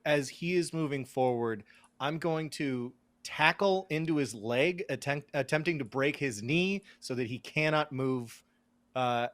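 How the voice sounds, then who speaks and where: A man's voice: mid-range voice, a bit bright, no echo. Dry-voiced man playing a tabletop game. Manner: describes actions in first person with many fillers. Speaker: player. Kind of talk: tabletop game play, describing his character's actions.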